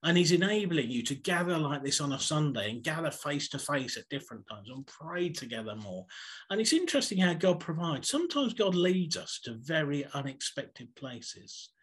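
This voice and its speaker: A man preaching a sermon over a video call, telling stories in a husky voice and acting them out. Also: a little high, moderate pace. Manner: animated, acts out stories.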